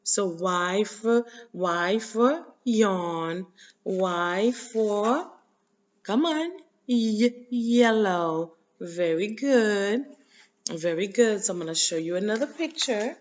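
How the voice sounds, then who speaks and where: A woman with a Haitian accent leads a children's phonics lesson. She talks slowly and drills each sound in a sing-song call-and-response. The recording is dull and lo-fi. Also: mid-range voice. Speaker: teacher.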